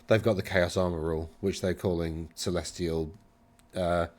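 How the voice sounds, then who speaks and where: A man's voice: low-pitched, little pitch movement, moderate pace, a little mellow. A man hosting a casual commentary, rambling, correcting himself and brushing things off with wry remarks. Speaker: channel host reviewing game rules.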